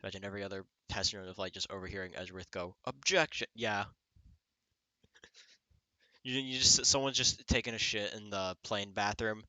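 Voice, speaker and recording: A man's voice: lowish voice, pushed and bright, no room sound. A man casually commenting as he streams a game, jokey and swearing freely.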